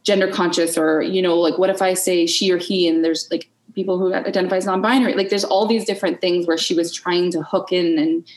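A woman as a podcast guest in an unscripted conversation, candid and expressive, swearing freely and acting out her inner voices. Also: on the low side, fairly quick, hardly any pauses, reverberant, poor audio.

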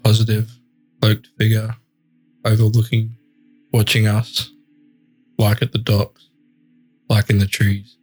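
A man playing a solemn husky warrior. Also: on the low side, completely flat delivery, slow, pauses often, a little mellow, soft background music. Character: solemn male warrior, loyal and formal.

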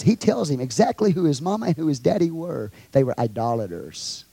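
A man with a Texan accent preaching a sermon to his congregation, swinging from quiet asides to loud shouted lines. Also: medium pitch, sing-song, a little fast, vocal fry, hardly any pauses, breathy edge, no echo. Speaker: pastor. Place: church.

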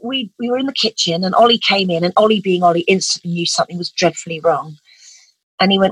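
A woman's voice: fairly low pitch, quick pace, breathy edge, no echo, poor audio. A middle-aged woman, telling an emotional personal story as an interview guest in an earnest, vivid way. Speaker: guest, parent advocate.

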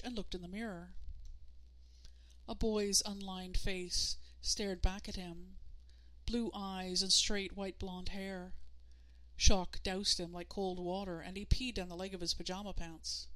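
A woman's voice: medium pitch, a bit bright. Woman narrating an audiobook.

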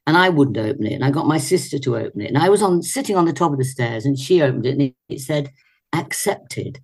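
A woman's voice: rumbling low, animated, fast talker, darkish tone, slightly rough. An older woman from Leicester, England, an actress and singer, chatting animatedly with little laughs as a guest on a video call. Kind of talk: reminiscing in a casual interview. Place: indoors at home.

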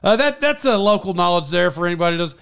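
A man podcast host with a smooth, fairly high voice. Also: lively intonation, racing, fairly bright tone. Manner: laughing, joking, rambling with restarts. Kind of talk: casual chat.

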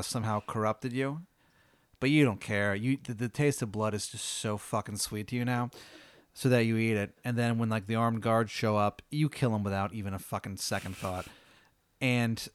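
A man's voice: lowish voice, clean tone, dry recording. A young man narrating a tabletop game as game master, casual and profane, often stumbling over repeated words.

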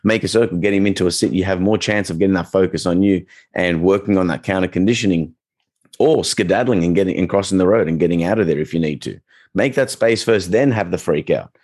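A man talking casually as a dog trainer, chatty and relaxed, acting out little quoted reactions as he explains. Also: sits low, fast. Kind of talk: casual podcast chat.

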